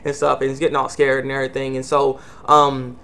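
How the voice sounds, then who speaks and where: A man's voice: medium pitch, monotone, a little fast, vocal fry, fairly bright tone. A man casually recapping an anime episode, rambling with many fillers and restarts. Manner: acts out characters' lines in quotes. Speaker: anime reviewer.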